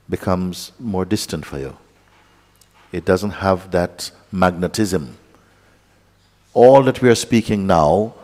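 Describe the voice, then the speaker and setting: A man giving a calm, unhurried satsang teaching as a spiritual teacher, pausing often and speaking softly. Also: deep voice. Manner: calm, unhurried, with pauses and soft asides. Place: large meeting hall. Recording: hall with long reverb.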